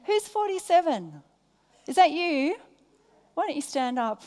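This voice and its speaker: A woman with an Australian accent leads a church service, her voice sitting a little on the high side. She keeps the room involved with questions and turns soft and low when she prays. Her words trail off in the long echo of a big hall. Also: sing-song, a little slow. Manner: engaging, asks the audience questions; drops soft and low in prayer. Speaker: preacher. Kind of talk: sermon with congregation banter. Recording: long reverb in a large hall.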